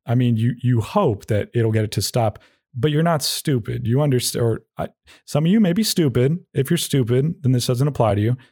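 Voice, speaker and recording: A man's voice: medium pitch, expressive, normal speed, warm tone, slightly rough, no room sound, studio quality. A man hosting a solo podcast, talking in a casual, rambling and opinionated way with a wry edge. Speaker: podcast host.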